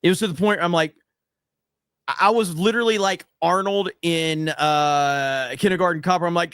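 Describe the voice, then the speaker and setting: A man's voice: fairly high pitch, normal speed, fairly bright tone, smooth, no room sound, studio quality. Brash, profane man reading super chats. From United States. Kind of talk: casual livestream chat.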